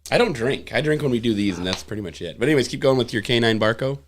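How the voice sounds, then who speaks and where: A man talks very fast with a lively, bouncing pitch, tossing in quick offhand remarks as the podcast host. A faint noise sits under his voice. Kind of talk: casual chat.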